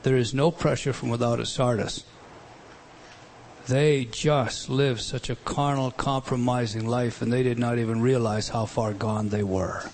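A man preaching a sermon, emphatic, with loud bursts, quiet asides and many rhetorical questions. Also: medium pitch, steady tone, measured pace, slight background noise.

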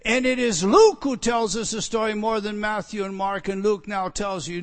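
A man preaching an expository sermon, swinging between loud declarations and hushed asides. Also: sits high, normal speed, hardly any pauses.

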